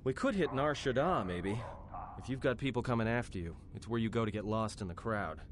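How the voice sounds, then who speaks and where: A man's voice: mid-range voice, expressive, fairly quick, a little hiss or hum, lightly acted. A man voicing a cynical, streetwise pilot in a video game, talking in a wry, sarcastic way.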